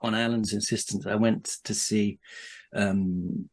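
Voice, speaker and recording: A man's voice: on the low side, steady tone, unhurried. A man, a podcast guest, telling a casual anecdote with frequent restarts, asides and laughter.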